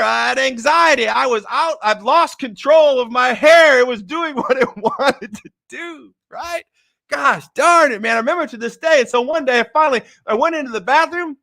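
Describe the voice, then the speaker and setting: A middle-aged man giving a motivational talk, excitable and emotional, repeating phrases for emphasis and swinging from quiet, low stresses to loud, excited bursts. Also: moderate pace, gravelly, no room sound, studio quality. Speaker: motivational speaker.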